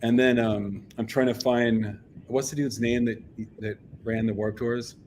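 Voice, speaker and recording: An American man in a band, chatting casually as a guest on a radio interview. He tells his story with lively energy, leans on fillers like "like" and "um", and jumps into the voices of the people he quotes. His voice sits at an ordinary middle pitch, with a faint noisy background. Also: unhurried. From United States. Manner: animated, acts out quoted voices, filler-heavy.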